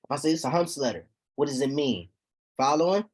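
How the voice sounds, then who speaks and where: A man teaching a recitation class, explaining terms slowly and checking on his students with repeated "okay?". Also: mid-range voice, expressive. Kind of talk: classroom lesson.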